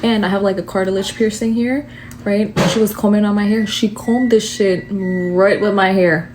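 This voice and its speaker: A woman's voice: medium pitch, fairly even intonation, normal speed, darkish tone, slight background noise. A young woman tells a storytime to the camera in an exasperated rant, with lots of swearing and fillers.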